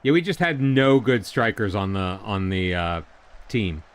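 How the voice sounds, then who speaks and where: An American man casually commentating while he streams a football management game and chats with viewers, rambling and excitable. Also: lowish voice, measured pace, clear, resonant tone. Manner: chatty, rambling, excitable during goals.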